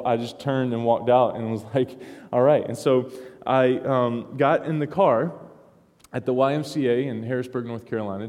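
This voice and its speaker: A man's voice: mid-range voice, darkish tone. A middle-aged man pastor telling a story in a sermon, rambling with restarts and little chuckles. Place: church sanctuary. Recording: long hall reverb.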